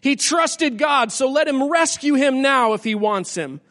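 A man's voice: very high voice, normal speed, long reverb tail, voice pushed up. A man reading the taunting lines of a mocking crowd in a church scripture reading. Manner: sneering, mocking. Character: jeering crowd of male mockers.

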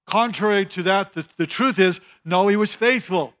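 A man's voice: high voice, lively intonation, moderate pace, few pauses, fairly bright tone. A male pastor preaching a sermon in a conversational, emphatic way, often repeating his phrases.

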